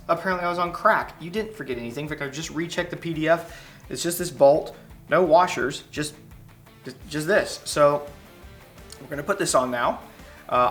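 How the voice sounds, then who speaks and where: A man talking casually through a motorcycle repair in his garage, chatty and quick to correct himself. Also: a little high, a bit bright, echoey room. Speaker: motorcycle vlogger. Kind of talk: casual workshop how-to. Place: garage workshop.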